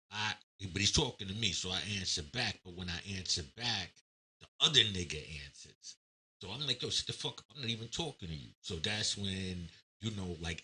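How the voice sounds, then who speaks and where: Bright-voiced man telling a street story. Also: on the low side. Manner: animated, acts out quoted voices, streetwise slang. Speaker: storyteller recounting prison stories. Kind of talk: casual storytelling.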